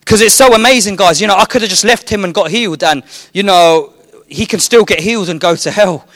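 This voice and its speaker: A man's voice: high voice, fairly quick, fairly bright tone, no echo. A man, a street evangelist giving a fervent, rambling personal testimony full of fillers.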